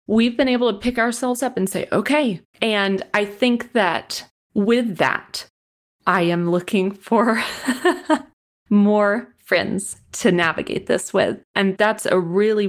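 A woman guest on a podcast, sharing a personal story in a halting, apologetic way while near tears. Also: mid-range voice.

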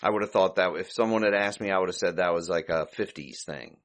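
Talking fast in a low voice, this man hosts a podcast where he loosely goes over an old comedy short, laughing to himself and thinking aloud as he recaps it.

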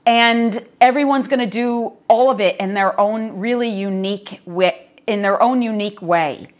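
A woman's voice: mid-range voice, normal speed. A middle-aged woman, a yoga teacher, talking as a podcast guest in an earnest, reflective storytelling way. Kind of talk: podcast conversation.

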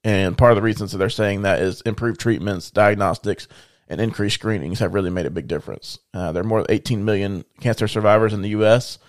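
A man co-hosting a podcast, calmly sharing news and figures in a casual, steady way. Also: on the low side, quick pace, dry recording, clean studio sound. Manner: informative, steady, with fillers. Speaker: podcast co-host.

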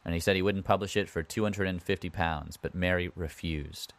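A man's voice: low-pitched, fairly even intonation, brisk, no echo. A man hosting a podcast, retelling history in a casual way with wry asides and conversational comments. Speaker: podcast host.

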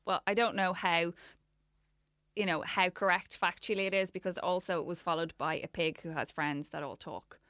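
Bright, teasing woman podcaster. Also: lowish voice, steady tone, moderate pace, dry recording, clean studio sound. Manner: teasing, blunt. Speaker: podcast co-host. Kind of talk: casual chat.

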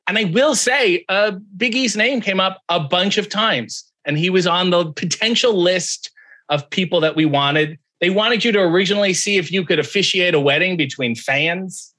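Telling a story in casual podcast chat, this guest speaks in a high-pitched voice at a moderate pace. He gets animated, performing the voices of the people in the tale.

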